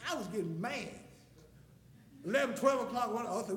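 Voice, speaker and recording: A man preaching a sermon, telling stories and building to impassioned shouts. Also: sits high, lively intonation, moderate pace. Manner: impassioned, storytelling, rising to shouts. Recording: echoey hall with long reverb.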